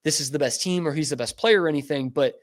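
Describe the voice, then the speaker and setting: A man's voice: on the high side, quick pace. A man hosting a sports podcast, chatting casually and with enthusiasm. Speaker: podcast host.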